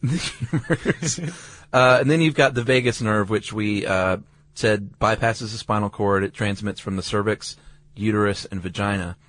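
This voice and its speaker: A man's voice: on the low side, normal speed, fairly bright tone, no room sound. A man co-hosting a podcast, chatting casually about science with wry, joking asides. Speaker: podcast co-host.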